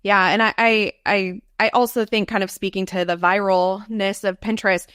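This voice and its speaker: A woman's voice: medium pitch, fairly even intonation, normal speed, a bit bright, clear, resonant tone, no room sound, clean studio sound. A woman talking as a podcast guest about marketing, enthusiastic in casual chat and often repeating her words. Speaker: guest, social media marketer.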